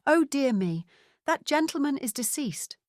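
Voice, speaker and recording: A woman voicing a haughty, imperious aristocratic lady ghost who speaks briskly and disapprovingly in an audiobook. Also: high voice, sing-song, a little mellow, no room sound, clean studio sound, pitched above the performer's own voice. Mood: dismayed.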